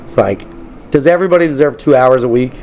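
A man's voice: mid-range voice, fast, darkish tone, a little hiss or hum. A man co-hosting a casual podcast, joking and rambling with some swearing. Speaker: podcast co-host.

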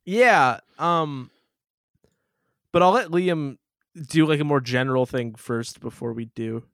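Halting, rambling man reviewing a movie. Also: a little high, no echo, studio quality. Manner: rambling, halting, swears, laughs often. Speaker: podcast co-host. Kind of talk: casual movie review chat.

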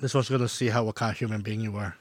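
A young man co-hosting a podcast, teasing his friend in laid-back casual chat with deadpan quips. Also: fairly low pitch, very fast, no room sound, clean studio sound. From Canada. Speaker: podcast co-host.

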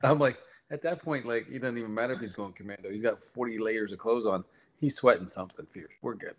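A man co-hosting a podcast, a school principal, talking in a relaxed, rambling way. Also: fairly low pitch, fast talker. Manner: relaxed, rambling, restarts often. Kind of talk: casual chat.

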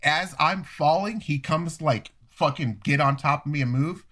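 A man in his thirties telling a story in a casual, profane and animated way, acting out the voices of people he quotes. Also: fairly high pitch, normal speed. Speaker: storyteller guest.

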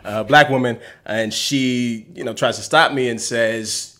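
A man telling a story in casual chat, animated and laughing, swearing freely. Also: mid-range voice, measured pace, hardly any pauses.

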